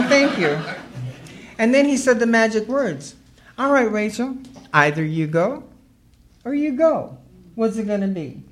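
A woman sharing her recovery story as humorous personal storytelling, earthy and wry, laughing as she goes. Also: lowish voice.

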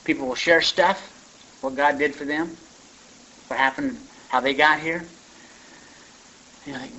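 A man's voice: fairly high pitch, normal speed, long pauses, pushed and bright, slight background noise. A man speaking at a recovery meeting, sharing his story in a folksy, conversational way with lots of asides to the room. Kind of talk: personal share talk. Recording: muffled lo-fi recording.

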